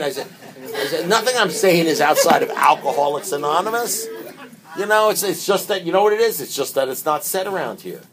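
An older man speaking at a recovery meeting, talking conversationally, repeating his words and moving between quiet asides and emphatic points. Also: mid-range voice, slight background noise.

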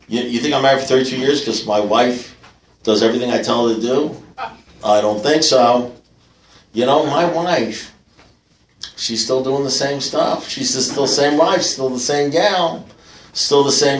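A man's voice: mid-range voice, unhurried, far from the mic, a little hiss or hum. Wry older man sharing in an echoey hall. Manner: wry, self-mocking, punchy delivery with laughter. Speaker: recovery meeting speaker. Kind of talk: storytelling share at a recovery meeting. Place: meeting hall with live audience. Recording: echoey room, picked up from afar.

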